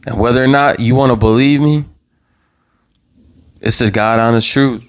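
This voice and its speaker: A young man hosting his own live show, giving impassioned commentary in a heated, worked-up voice, repeating himself and stumbling over restarts as he gets louder. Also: mid-range voice, steady tone, moderate pace, smooth. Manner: heated, repetitive, stammering restarts, rising to near-yelling. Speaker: vlog host.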